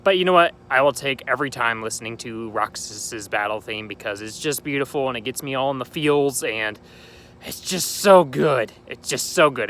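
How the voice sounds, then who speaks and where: A young man hosts a casual game playthrough, chatting and rambling in an upbeat way. His voice sits at a medium pitch, recorded outdoors at night with a faint hum in the background. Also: bright, forceful tone. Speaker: gaming channel host. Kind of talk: casual let's-play commentary.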